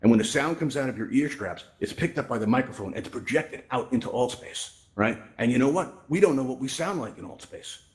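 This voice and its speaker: Fast-talking chatty man teaching a crowd. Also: medium pitch, lively intonation. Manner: chatty, folksy, addresses listeners directly with frequent "right?". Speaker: presenter in a VR tech event. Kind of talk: casual instructional talk to a live audience. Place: virtual reality social space.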